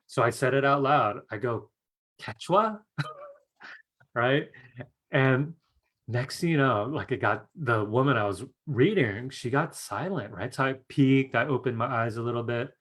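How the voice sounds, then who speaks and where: A man's voice: mid-range voice, normal speed, fairly bright tone. Chatty man teaching a live online class. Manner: chatty, keeps asking "right?" and "you guys", laughs often. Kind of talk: casual live-stream teaching with a told anecdote.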